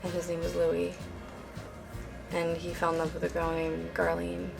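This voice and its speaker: A woman speaking in a deadpan interview, with flat, hesitant delivery. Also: fairly low pitch, normal speed, vocal fry, over music.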